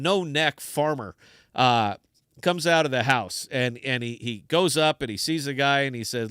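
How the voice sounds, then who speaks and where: A man hosts a casual live podcast, telling a long joke with lots of restarts. His voice is smooth and clear. The sound is dry and close, with no room echo. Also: mid-range voice, expressive, unhurried, fairly bright tone. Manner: rambling, with many restarts. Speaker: podcast host.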